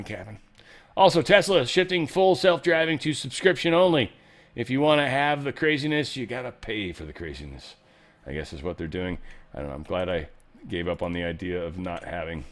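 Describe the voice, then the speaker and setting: Irreverent joking man riffing on news. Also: medium pitch. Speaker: show host. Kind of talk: casual news commentary monologue.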